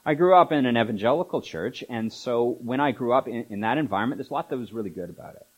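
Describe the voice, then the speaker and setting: A man's voice: mid-range voice, expressive, quick pace, poor audio. Conversational male pastor preaching. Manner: conversational preaching with asides and filler words. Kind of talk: sermon. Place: church.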